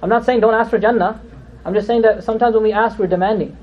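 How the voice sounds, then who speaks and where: A man teaching an Islamic lesson, telling stories in a lively, conversational way and slipping Arabic terms into his talk. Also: sits high, quick pace, muffled recording. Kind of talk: storytelling religious lecture.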